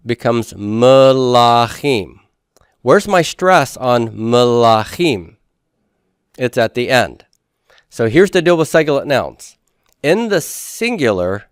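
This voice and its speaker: A man's voice: medium pitch, clear, resonant tone, no echo, studio quality. A man teaching a lecture, explaining step by step and asking and answering his own questions. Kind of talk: classroom lecture.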